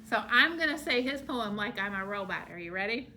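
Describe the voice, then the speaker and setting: A woman teacher explaining shapes to young children, slow and exaggerated in her delivery. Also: medium pitch, lively intonation, sharp tone, a little hiss or hum. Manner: slow, drawn-out, exaggerated for small kids.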